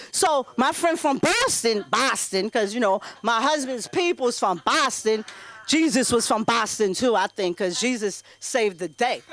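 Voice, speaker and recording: A woman's voice: a little high, no echo. Brash, profane woman doing stand-up. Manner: brash, profane, animated storytelling. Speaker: stand-up comic. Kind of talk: open mic stand-up set. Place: small comedy club stage.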